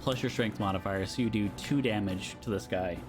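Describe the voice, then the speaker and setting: A man's voice: lowish voice, fairly quick, music in the background. A man acting as dungeon master, narrating a tabletop game in a laid-back way, laughing between descriptions.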